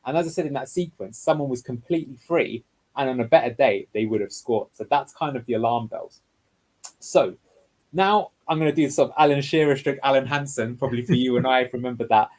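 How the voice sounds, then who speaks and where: A man's voice: mid-range voice, a little fast, darkish tone, rough recording. A man working as a guest football analyst, explaining match footage step by step in a tactical video breakdown. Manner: explanatory, walks through clips step by step.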